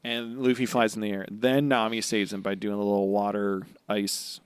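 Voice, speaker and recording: A man's voice: fairly low pitch, level tone, moderate pace, clear, resonant tone, dry recording. A young man co-hosting a podcast, retelling scenes with playful exaggeration and casual swearing. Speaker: podcast co-host. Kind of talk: casual chat recapping an anime.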